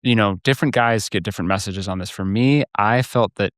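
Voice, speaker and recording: A man's voice: on the low side, brisk, a bit bright, dry recording, studio quality. A man hosting a recovery podcast, reflective and affirming as he talks about his own struggles. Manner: reflective and affirming, frequent agreement sounds. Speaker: podcast host, recovery coach. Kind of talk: casual podcast conversation.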